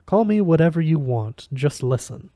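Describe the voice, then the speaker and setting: A mysterious stranger on the phone, put on by a man reading a story, calm and quietly amused, never ruffled. His voice sits somewhat higher than the reader's own, with a mellow, dark tone. The recording is close and dry. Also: no room sound, close to an everyday voice. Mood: cool amused. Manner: cool, amused, unhurried.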